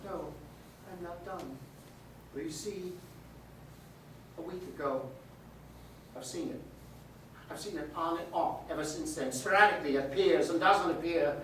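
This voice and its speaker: A troubled railway signalman, as a male storyteller puts him on, speaks in a solemn, halting way. His voice sits a little high and carries a heavy echo. It sounds picked up from across a large room, with faint noise behind. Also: lightly acted. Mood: haunted. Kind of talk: live storytelling performance. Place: museum event space. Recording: echoey hall, mic far off, faint noise.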